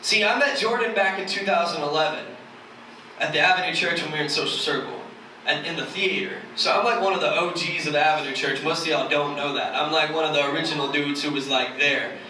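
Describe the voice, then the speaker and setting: A young man preaches in a loose, self-mocking way, his voice high and ringing bright. He is picked up from a distance, so the church hall's echo rings around every word. A faint hum sits underneath. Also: quick pace. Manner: joking, conversational, self-mocking. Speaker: church speaker. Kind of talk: casual sermon. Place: church hall. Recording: echoey hall from far off.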